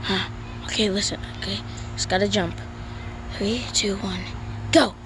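A woman improvising a game role-play, excitable, gasping and yelling at surprises. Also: medium pitch, unhurried, noisy background. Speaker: player.

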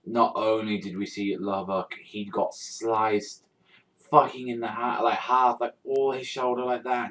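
Low-voiced guy going off about manga, swearing nonstop, yelling bits, kinda far from the mic. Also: flat delivery, moderate pace. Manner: swears constantly, rambling with many fillers, bursts into shouting. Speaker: manga reaction vlogger. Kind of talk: excited reaction rant.

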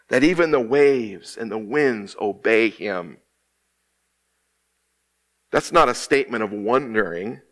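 Preaching man with slowed, dramatic emphasis. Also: mid-range voice, animated, fairly bright tone. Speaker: associate minister. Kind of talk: sermon. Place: church sanctuary.

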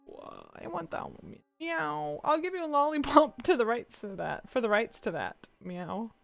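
A woman's voice: high voice, moderate pace, creaky, soft background music. A woman streamer chatting casually with her viewers, giggling and throwing meows between her sentences. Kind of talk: casual livestream chat.

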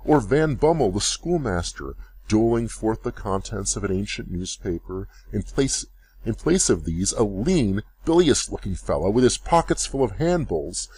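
Low-voiced man narrating a storybook. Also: slightly rough. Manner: measured, expressive reading. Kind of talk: graded-reader story narration.

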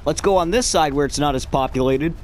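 A young man giving casual gameplay commentary as a gaming YouTuber, joking and rambling, then shouting at the game. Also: on the high side, a little fast, a little hiss or hum.

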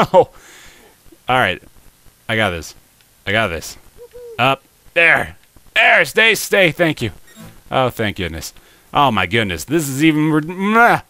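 Excitable young man with bright, clear voice. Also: fairly low pitch, no echo. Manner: excitable, talks to the game, frustrated exclamations and laughs. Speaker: gameplay commentator. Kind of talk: let's play commentary.

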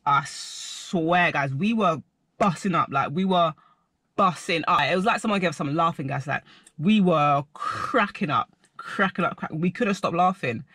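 A young man telling a rambling personal story to camera, animated and full of filler words. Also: on the high side, normal speed, no echo. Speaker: vlogger.

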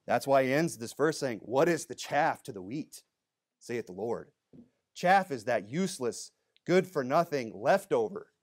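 A man preaching a sermon in a church, emphatic, asking rhetorical questions and dropping low to stress a point. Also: lively intonation, a little slow.

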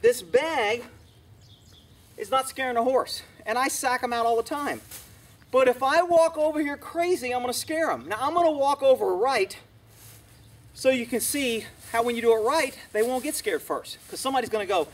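A horse trainer with a very high voice speaks at a moderate pace while demonstrating outdoors with horses. His blunt instructional vlog talk is brash, sarcastic and scolding.

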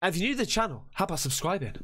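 English male vlogger, fairly high voice, excitable, sweary, slangy reaction host. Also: very fast. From England. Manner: excitable and sweary, loud outbursts, British slang. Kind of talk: casual reaction commentary.

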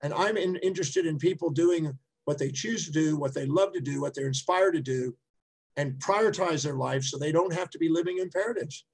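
A man's voice: fairly high pitch, brisk, breathy edge, poor audio. A middle-aged man giving an emphatic, conversational talk, telling anecdotes with frequent restarts. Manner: emphatic, repetitive restarts, storytelling. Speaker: speaker and teacher.

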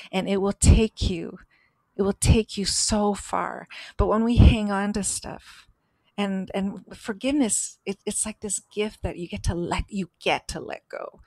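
A woman's voice: medium pitch, measured pace, a little mellow, dry recording. A woman co-hosting a podcast, telling a personal story in an earnest, emphatic way. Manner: earnest, emphatic, acts out voices in stories. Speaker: podcast co-host.

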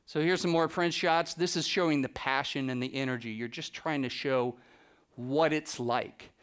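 A man giving a live, animated storytelling talk to an audience as a photographer, acting out the people he quotes by dropping his voice. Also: medium pitch, normal speed, clear, resonant tone. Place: presentation room with a live audience.

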